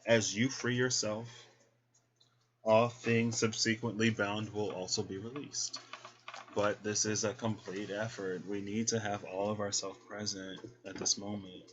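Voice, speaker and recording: A man's voice: lowish voice, flat delivery, a little slow, fairly bright tone. A man giving a casual, chatty tarot reading to his viewers. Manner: chatty, folksy, talks to viewers as y'all. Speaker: tarot reader.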